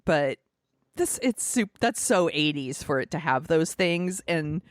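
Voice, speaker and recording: A woman's voice: deep voice, lively intonation, measured pace, no echo, studio quality. A woman co-hosting a podcast, chatting casually about a movie, rambling and swearing with lots of fillers and laughs. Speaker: podcast co-host.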